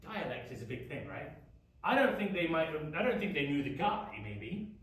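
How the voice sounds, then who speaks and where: Very animated, with a slightly high and somewhat bright voice at a moderate pace, an English youth pastor teaches a casual Bible study. He's chatty and often questions the group, and the far-off mic catches the echo of the church youth room.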